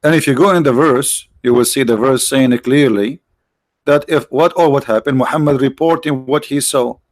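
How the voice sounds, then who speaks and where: A man's voice: medium pitch, moderate pace, no room sound. A man hosting a livestream, giving mocking, sarcastic religious debate commentary in broken English. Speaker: livestream host.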